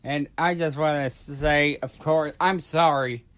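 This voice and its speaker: Slow, high-voiced man rambling about films. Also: fairly even intonation, fairly bright tone. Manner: rambling, halting, many fillers and restarts. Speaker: YouTube vlogger. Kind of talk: casual movie rant.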